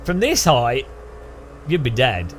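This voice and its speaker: A man's voice: mid-range voice, wildly swooping pitch, takes it slowly, a little hiss or hum. A man giving rambling, jokey gameplay commentary, thinking aloud. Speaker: gaming channel host.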